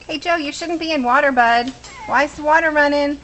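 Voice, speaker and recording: On a camera mic in a home video, a woman with a high voice speaks fairly quickly while filming a litter of puppies, chatting casually and cooing at them in baby talk. The low-quality recording carries loud background noise.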